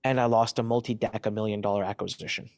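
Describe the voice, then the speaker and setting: Middle-aged man, interview guest, animated and emphatic, dry sound. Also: lowish voice, quick pace, vocal fry, no echo. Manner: emphatic, animated retelling with restarts. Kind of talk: candid interview answers.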